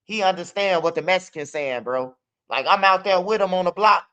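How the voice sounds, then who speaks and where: A man's voice: high-pitched, expressive, fairly quick, a bit bright, smooth. A young man telling street stories in a loose, casual monologue, tossing in "bro" a lot. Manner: streetwise, loose, peppers talk with "bro" and "you hear me". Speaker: channel host.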